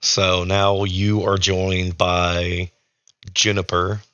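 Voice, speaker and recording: A man's voice: low voice, flat delivery, very slow, a bit bright, smooth, no room sound, highs cut off. A man running a tabletop game as storyteller, ruling on rolls and narrating in a hesitant, thinking-aloud manner.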